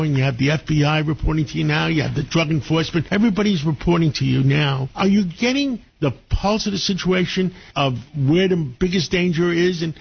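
A man's voice: on the high side, gravelly, slightly rough, muffled recording. A man hosting a talk radio show, effusive and conversational.

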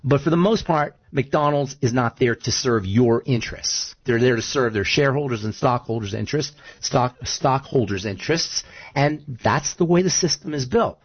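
Brief: animated male talk host, raspy edge, questions and answers himself, lo-fi recording. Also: mid-range voice, moderate pace. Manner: animated, storytelling, rhetorical questions. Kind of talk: casual chat. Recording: dull lo-fi recording.

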